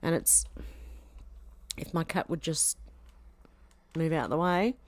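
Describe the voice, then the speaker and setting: A woman's voice: deep voice, takes it slowly, no room sound. An Australian woman on a casual home live stream, reading chat comments aloud and chiding her cat between them.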